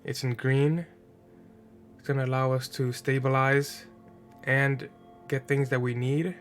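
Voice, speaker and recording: A man's voice: medium pitch, little pitch movement, measured pace, faint music behind. A man casually thinking aloud as he builds a card game deck, sounding a little nasal from allergies and often checking in with "right?". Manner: chatty, thinking aloud, frequent fillers and rhetorical "right?". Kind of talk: casual gameplay commentary.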